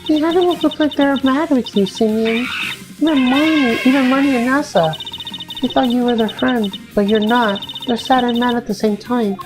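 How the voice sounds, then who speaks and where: A woman's voice: fairly high pitch, moderate pace, voice pushed up, natural voice, rough recording. Woman doing a peppy young girl sleuth, game voice-over, music under. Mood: earnest. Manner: bright, excited exclamations. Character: cheerful, eager young woman investigator.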